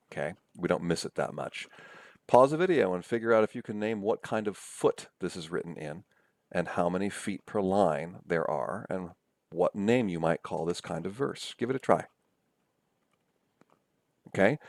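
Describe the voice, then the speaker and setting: A man's voice: fairly low pitch, a little mellow, no echo, studio quality. A man lecturing over slides in a conversational way, often checking in with "right?" and "okay?".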